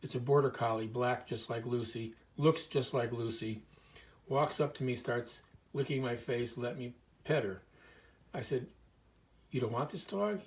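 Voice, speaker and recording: Speaking casually to the camera inside a small museum room, a man tells stories in an earnest, rambling manner, clearing his throat now and again. His pitch is ordinary and middle, his tone steady, his pace measured.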